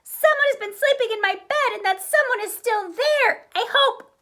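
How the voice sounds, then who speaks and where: Woman reading aloud as baby bear cub, squeaky, wailing, very high. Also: moderate pace, pushed and bright.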